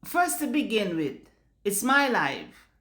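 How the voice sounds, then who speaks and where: A woman's voice: mid-range voice, big pitch swings, slow pace, fairly bright tone, echoey room. A Jamaican woman speaking bluntly in a casual vlog rant, swearing freely and slipping into patois. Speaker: vlogger. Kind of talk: casual ranting monologue.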